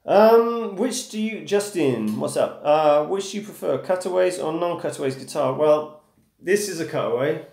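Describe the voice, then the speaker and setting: A man's voice: on the high side, animated, moderate pace, gravelly, darkish tone. A man with an English accent teaching guitar on a live stream, talking casually and checking in with viewers. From England. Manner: casual and encouraging, checks in with "okay?", calls viewers "dude" and "man". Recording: echoey room with guitar playing.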